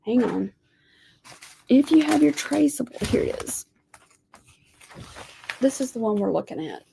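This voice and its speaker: Woman host for a live lettering lesson; gravelly, slow, friendly chatter to viewers. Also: high-pitched, lively intonation, noisy background. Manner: chatty, folksy, says y'all. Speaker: lettering teacher. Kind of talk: live-streamed craft lesson.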